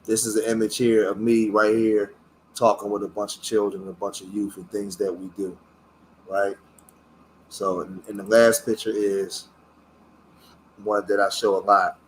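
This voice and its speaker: A middle-aged man, a community activist, talks casually on his own livestream, halting and searching for words with many fillers, earnest about his past. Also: lowish voice, little pitch movement, slight background noise. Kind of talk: casual livestream talk while showing photos.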